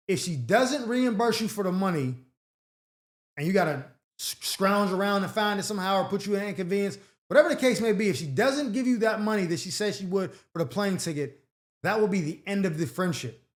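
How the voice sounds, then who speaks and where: A man hosting an advice show, reacting to listener letters in a blunt, slangy, animated way. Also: sits high, a little fast. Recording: echoey room.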